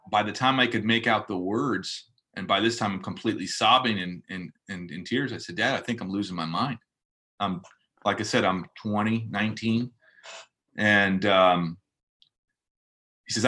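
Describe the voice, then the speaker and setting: A man in his forties, a podcast guest, telling his personal faith testimony in a reflective, storytelling way with frequent pauses and fillers. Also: lowish voice, sharp tone.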